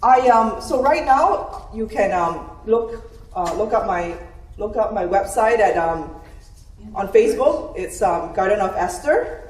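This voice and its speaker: A woman's voice: medium pitch, lively intonation, a little slow. A woman who makes fresh pasta talks hesitantly at a community event, with many fillers, restarts and little laughs. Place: event room. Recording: echoey room from far off, faint noise.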